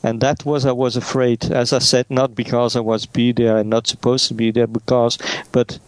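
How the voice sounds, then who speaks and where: A man speaking as an in casual chat, halting with many restarts. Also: mid-range voice, flat delivery, no room sound.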